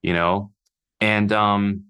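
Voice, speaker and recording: A man telling his own life story off the cuff, halting and full of fillers, swearing casually. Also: fairly low pitch, little pitch movement, sharp tone, clear, resonant tone. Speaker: podcast host. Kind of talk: unscripted personal storytelling.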